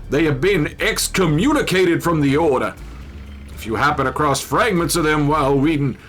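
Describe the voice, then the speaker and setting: A man's voice: medium pitch, fairly bright tone, voice pushed up, lightly acted. A man voicing a pompous male tree-cult preacher with a put-on Southern US accent, reading game text in a grandiose sermon style.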